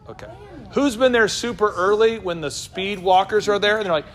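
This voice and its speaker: A man hosting a business talk show, joking and firing quick questions at the people in the room. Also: sits high. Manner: animated, jokey, quick asides to the room. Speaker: business coach and show host. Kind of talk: lively talk to a live room.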